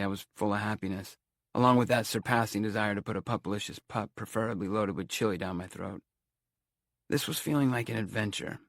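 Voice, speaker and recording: A man's voice: lowish voice, dry recording, clean studio sound. A man narrating an audiobook in a wry, conversational storytelling manner.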